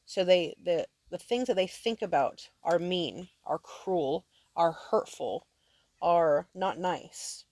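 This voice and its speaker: A woman's voice: on the low side, lively intonation, slow, darkish tone, no echo. A woman teaching her sons scripture at home, reading verses aloud and explaining them plainly, often checking whether they understand.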